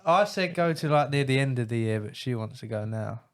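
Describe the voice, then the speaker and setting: Brief: man, mid-pitched voice, relaxed hesitant co-host. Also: fairly quick. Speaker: podcast co-host, tradesman. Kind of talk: casual chat.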